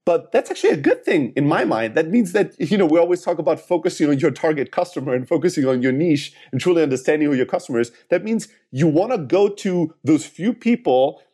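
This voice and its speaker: A man's voice: a little high, lively intonation, quick pace, few pauses, warm tone, slightly rough. A man explaining sales advice to startup founders in a podcast interview, talking in long, earnest, winding answers.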